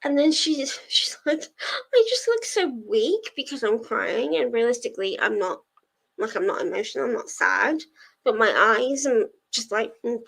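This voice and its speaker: A woman's voice: on the high side, gravelly, fairly bright tone. A young woman hosting a livestream, chatting casually and rambling as she answers her viewers' messages. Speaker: livestream host of reading sprints. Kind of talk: casual chat with live viewers.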